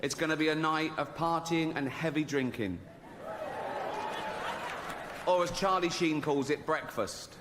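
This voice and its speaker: A man's voice: fairly high pitch, unhurried, pauses often. A middle-aged man doing stand-up comedy, cheeky and chuckling, with mock apologies. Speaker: comedian and awards host. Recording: loud noise, long hall reverb.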